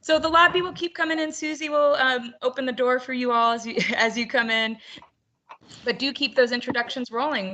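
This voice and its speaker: A woman's voice: fairly high pitch, pushed and bright, slight background noise. A woman hosting an online roundtable for teachers over a video call, upbeat and chatty with frequent laughter. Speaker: webinar host.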